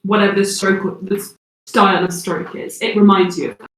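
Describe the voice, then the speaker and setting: A woman's voice: medium pitch, fairly even intonation, moderate pace, fairly bright tone. A woman narrating as game master for a tabletop game, hesitant and full of fillers. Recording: echoey room.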